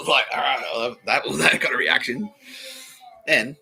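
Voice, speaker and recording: A man's voice: medium pitch, measured pace, vocal fry, bright, forceful tone, soft background music, low-quality recording. An Australian man hosting a comedy podcast, rambling through a profane monologue and laughing mid-sentence.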